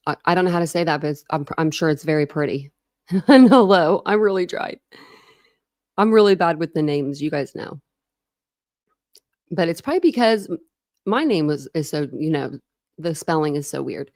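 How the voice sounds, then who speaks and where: A woman's voice: deep voice, expressive, moderate pace, vocal fry, long pauses, a little mellow. A woman in her thirties hosting a true crime livestream, chatting casually, laughing and greeting viewers by name.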